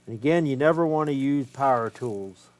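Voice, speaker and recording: A man's voice: medium pitch, normal speed, a little mellow, no echo. A man casually talking through a hands-on repair of an old game cartridge, thinking aloud and swearing freely as he works. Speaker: retro game collector.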